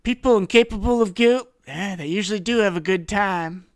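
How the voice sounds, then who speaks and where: A man voicing a creepy, menacing male detective who talks in a loud, mocking way. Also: high voice, brisk, no room sound, clean studio sound, voice pushed up. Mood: sneering.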